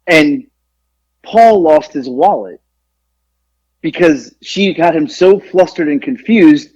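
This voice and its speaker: A man's voice: on the high side, animated, slow pace, darkish tone, no echo. A man co-hosting a podcast, telling a long story in a rambling, profane way with many restarts. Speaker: podcast co-host. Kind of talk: casual storytelling chat. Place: home studio in Georgia. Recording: dull lo-fi dry sound.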